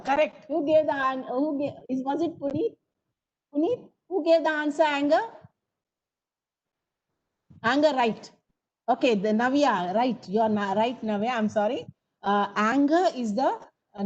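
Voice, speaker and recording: High-voiced woman teaching an online class. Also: a little mellow, highs cut off. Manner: coaxing, calls on students by name. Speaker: English teacher.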